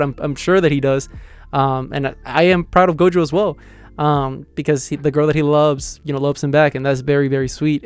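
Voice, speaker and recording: Excited young man reviewing manga. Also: on the high side, smooth, dry recording. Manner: enthusiastic, rambling, many fillers and restarts.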